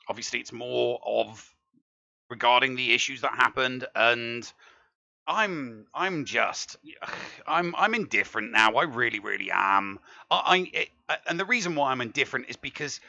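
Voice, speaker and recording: A man's voice: mid-range voice, gravelly, pushed and bright, no echo. A man hosting a casual podcast, joking and a bit tipsy, with a playful way of talking. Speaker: podcast host. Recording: dry, dull lo-fi sound.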